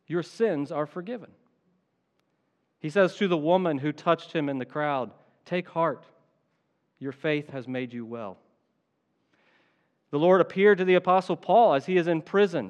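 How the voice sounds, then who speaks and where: A man preaching a sermon as pastor, earnest and emphatic, slowing down to stretch key phrases. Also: high voice, in a large hall.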